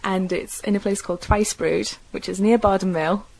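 Over poor audio, a young woman from North East England with a light Geordie accent chats about her childhood and speech, filling pauses and revising herself as she goes. Her medium-pitched voice is steady and slightly rough, darkish, with vocal fry, at a normal pace.

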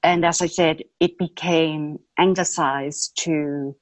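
A woman, slowly explaining and carefully pronouncing words and names. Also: low voice, fairly even intonation, no room sound. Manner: slow, deliberate, pronouncing each word carefully. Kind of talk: glossary of South African words and pronunciations.

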